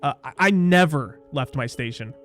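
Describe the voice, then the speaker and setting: A man's voice: mid-range voice, expressive, normal speed, a bit bright, soft background music, pitched below the performer's own voice, lightly acted. A man reading the part of a nervous male packaging worker who stammers, in a casual table read. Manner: hesitant, stammering.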